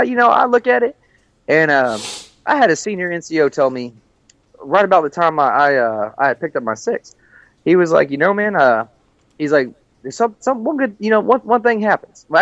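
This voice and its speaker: A man's voice: on the high side, very animated, brisk, a bit bright, lo-fi sound. A man, a podcast co-host and army veteran, talking reflectively in casual chat, earnest and using words like bro and man.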